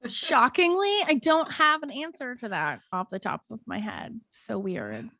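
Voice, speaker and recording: A woman podcast host with a high, animated voice, giggling and sarcastic as she works through her notes. Her asides come quickly. She is recorded close on a dry mic. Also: no echo. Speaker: podcast co-host presenting research. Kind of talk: casual podcast chat.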